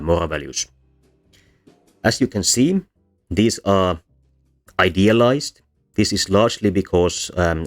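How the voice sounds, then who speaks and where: Deep-voiced man lecturing over soft music. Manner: explanatory, frequent ums and self-corrections. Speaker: linguistics presenter. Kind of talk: slide lecture. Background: soft bossa music.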